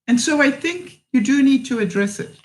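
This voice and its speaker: A woman's voice: high-pitched, expressive, moderate pace, rough recording. A woman talks straight to her viewers, giving frank advice in a casual way. She laughs often and acts out what she would say to people. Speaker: vlogger answering viewer questions.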